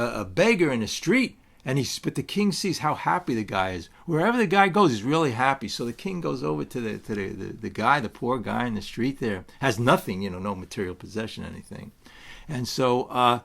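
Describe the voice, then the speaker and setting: A man talks loosely about recovery and spirituality, the way someone does at a twelve-step meeting. He restarts his sentences often and wanders off into asides. He drops into little acted-out quotes while telling a story. His pitch sits in an ordinary middle range for a man. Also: vocal fry. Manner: rambling, many restarts and asides; tells stories with acted quotes. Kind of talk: casual spiritual talk.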